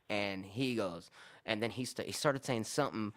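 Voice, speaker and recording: A man's voice: on the low side, normal speed. A man in casual podcast chat, retelling an argument with lots of swearing and quoted back-and-forth. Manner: animated, profane, acts out both sides of arguments.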